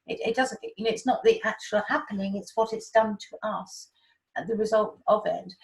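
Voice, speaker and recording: A woman giving animated, chatty spiritual guidance and explaining with homely analogies. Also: mid-range voice, normal speed, vocal fry, rough recording. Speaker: spiritual guide. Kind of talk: casual spiritual talk.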